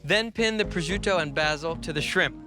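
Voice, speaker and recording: A middle-aged man hosting a TV cooking show, delivering punchy scripted lines and measured step-by-step instructions. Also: a little high. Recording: broadcast audio with music bed.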